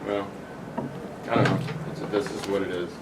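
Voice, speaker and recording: A man's voice: deep voice, level tone, moderate pace. A man patiently walking a small group through a demonstration step by step, in casual explanatory talk. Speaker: presenter demonstrating tuning software. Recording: distant room mic with background noise.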